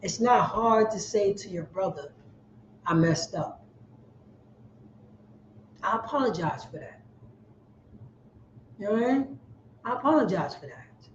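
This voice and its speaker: A man teaching a Bible class, forceful and preachy, repeating his points for emphasis. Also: high-pitched, expressive, moderate pace, long pauses, slight background noise. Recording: echoey room, dull lo-fi sound.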